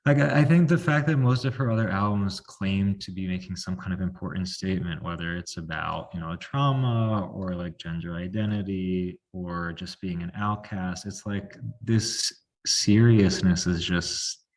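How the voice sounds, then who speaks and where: A man's voice: sits low, fairly even intonation, moderate pace, few pauses. A man hosting a casual podcast chat, talking in a loose way with plenty of "like" and questions for his guest. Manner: chatty, lots of "like", quoting and asking. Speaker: podcast host.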